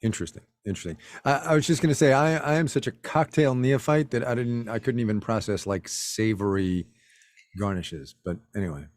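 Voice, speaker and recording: A man's voice: medium pitch, quick pace, few pauses. A man co-hosting a casual livestream from a home office, wry and teasing. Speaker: co-host.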